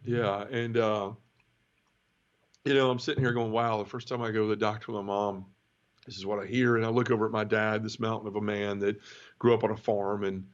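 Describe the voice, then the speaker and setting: A middle-aged man from the southern United States, giving an emotional personal testimony in an interview, halting and full of restarts. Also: lowish voice, little pitch movement. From Memphis area, southern United States. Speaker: guest. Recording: dull lo-fi audio.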